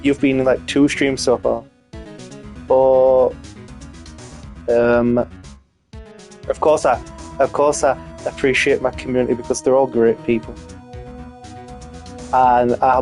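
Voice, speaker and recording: A man's voice: mid-range voice, level tone, measured pace, long pauses, darkish tone, soft background music. A young man streaming a game, talking casually with lots of fillers and frequent swearing. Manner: rambling, swears freely, many fillers. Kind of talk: casual gaming commentary.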